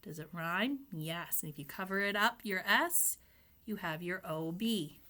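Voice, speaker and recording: A woman teaching young children to read, spelling out letters one by one and sounding out each word. She talks at a slow, unhurried pace with a bright, forward tone. She prompts the children with gentle questions as she goes. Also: fairly low pitch. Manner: speaks to the children, asking questions and prompting answers. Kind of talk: phonics lesson for young children.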